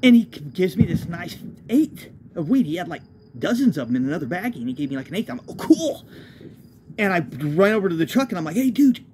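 Man telling a rambling, lively road story. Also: on the high side, fast talker, slight background noise. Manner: loose, profane, self-correcting storyteller. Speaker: homeless traveler telling his own story.

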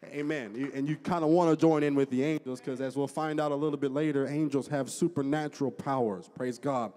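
A man preaching a sermon as pastor, drawing out scripture slowly and rising into fervent, loud prayer. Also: mid-range voice, fairly even intonation. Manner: slow, drawn-out scripture reading. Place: church sanctuary. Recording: long church hall reverb.

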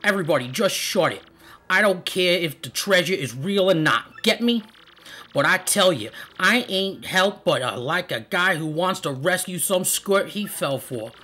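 A man doing a loud Italian-accented mob boss. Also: sits high, expressive, normal speed, breathy edge, pitched above the performer's own voice, exaggerated voice. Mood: scheming. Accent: put-on Italian mobster. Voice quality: loud, bossy tough-guy drawl. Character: gruff male mob boss, smooth and commanding.

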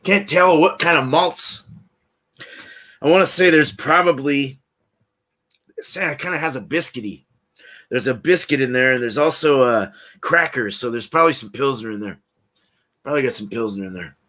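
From indoors at home, a man hosts a live beer review, chatting in a laid-back, rambling way, laughing often and greeting viewers by name. His medium-pitched voice is pushed and bright, at a moderate pace with frequent pauses.

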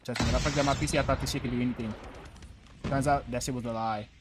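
A young man livestreaming a shooter game, talking to his chat in loose slangy banter that swings from mumbles to yells. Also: mid-range voice, steady tone, racing, noisy background. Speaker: streamer. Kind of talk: casual gaming livestream chat.

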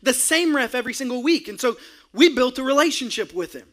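A middle-aged male pastor preaching with an animated storytelling sermon, acting out his own outbursts with shouts and laughter. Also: extremely high pitch, a little fast.

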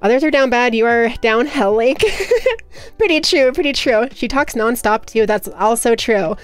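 A young woman livestreamer chatting casually with her viewers, talking rapidly and nonstop with hyperactive energy. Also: fairly high pitch, smooth, faint music behind. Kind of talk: casual chat with stream viewers.

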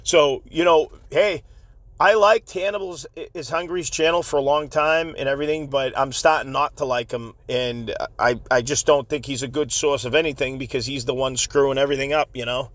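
Angry, bright-voiced man ranting. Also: mid-range voice, normal speed, dry recording. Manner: angry and insistent, repeats himself, laughs often. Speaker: channel host. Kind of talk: heated commentary rant.

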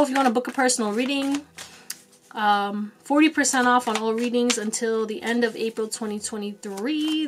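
Against background noise, a woman with a slightly high voice does a laid-back pick-a-card tarot reading. She speaks straight to her viewers with encouragement and repeated short commands, swearing casually and laughing at herself.

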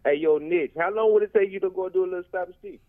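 Caller: Southern man from Tennessee, fast-talking drawl, slightly high voice, heard over a tinny phone line. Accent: Southern American. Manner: laid-back, drawling, repeats his question. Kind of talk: phone-in call.

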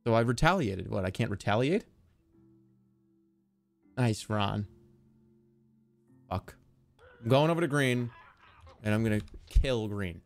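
Excitable man yelling over a game. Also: on the low side, slow, creaky, pauses often, soft background music. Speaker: streamer. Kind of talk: live gameplay commentary.

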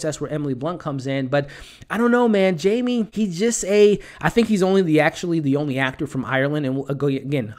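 A man in a somewhat high register talks his way through a movie review like a casual chat. He leans on fillers and repeats himself, and he is frank when something does not work for him. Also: a little mellow. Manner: conversational, many fillers and repeated words; frank, blunt criticism. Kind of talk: casual spoken film review.

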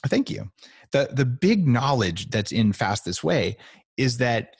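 A man's voice: mid-range voice, very animated, slow, gravelly, slightly rough, no room sound, clean studio sound. A middle-aged man, a guest author, talking playfully on a podcast and acting out little voices as he explains. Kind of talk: animated podcast talk.

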